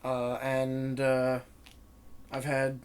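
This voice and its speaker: A man's voice: medium pitch, completely flat delivery, very slow, clear, resonant tone. A young man co-hosting a casual podcast, rambling and stumbling as he retells a joke, running on little sleep and lots of espresso. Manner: rambling, laughing, stumbling over a retold joke. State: sleep-deprived, wired on espresso. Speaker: podcast co-host. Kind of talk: casual chat.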